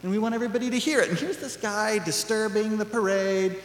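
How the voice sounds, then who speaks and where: A male pastor preaching a sermon in a relaxed, conversational way, full of asides. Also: high-pitched, fairly quick, slight background noise. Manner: conversational, animated, acts out quoted voices with laughs. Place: church sanctuary. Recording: echoey church hall.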